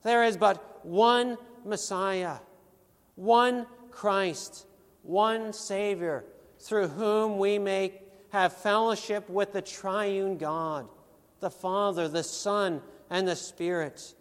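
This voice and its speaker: A man with a high, steady voice preaches with slow deliberation, ringing through a large hall with a long echo. He presses his message earnestly and emphatically, leaning on pointed rhetorical questions.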